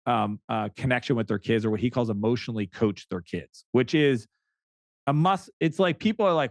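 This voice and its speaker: A man's voice: mid-range voice, fairly quick, no echo. A middle-aged man from Canada, a podcast guest chatting casually, telling stories animatedly with frequent restarts. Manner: animated storyteller who acts out quoted dialogue, frequent restarts. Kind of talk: casual interview chat.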